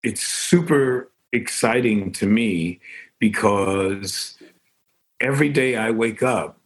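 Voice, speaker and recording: An older man speaks with a husky, breathy edge. He tells stories in an interview with lively energy, and his voice leaps up when he acts out the other people in them. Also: slow, rough recording. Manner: animated storyteller, bursts into sung and high-pitched impressions. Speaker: musician guest. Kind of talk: storytelling interview.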